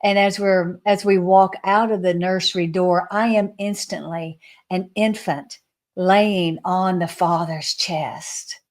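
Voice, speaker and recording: A woman with a fairly low voice recounts a spiritual vision as a guest. She speaks earnestly, with small restarts. Her voice often softens and slows to a near-hush. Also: fairly even intonation. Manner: soft, hushed and slowed when quoting. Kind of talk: spiritual testimony storytelling.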